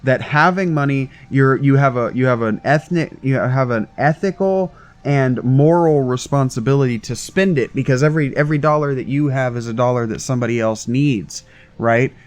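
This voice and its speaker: A man's voice: medium pitch, moderate pace. A man hosting a solo podcast, thinking aloud in a rambling monologue with frequent restarts and "right?" tag questions. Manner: meandering, many restarts and "right?" tags. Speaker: podcast host.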